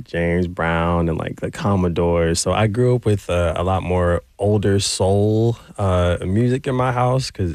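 A man's voice: low voice, a little mellow, no room sound, clean studio sound. A young man, a singer and producer, guest on a radio show, talking earnestly and gratefully and laughing easily. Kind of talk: radio interview. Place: radio studio.

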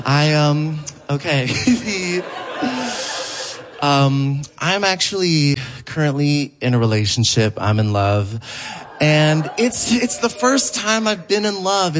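A man performing a live stand-up set in a theater, playful and animated, jumping into high mock voices. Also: background noise. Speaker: stand-up comedian. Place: theater stage before a live audience. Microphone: stage microphone.

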